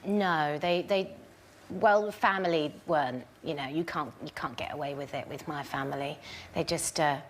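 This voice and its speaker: A woman's voice: low-pitched, moderate pace, a little hiss or hum. A young English woman chatting as a guest on a talk show, laughing often and restarting her sentences. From England. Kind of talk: casual chat. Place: TV studio with audience.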